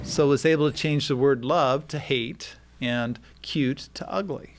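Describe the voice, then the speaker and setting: A man at medium pitch, explaining a technical subject as a radio guest. He talks like a lecturer, patient and methodical, with a lot of "uh" and "um" fillers. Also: measured pace, noisy background. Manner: explanatory, with frequent "uh" and "um". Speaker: guest expert on deepfakes.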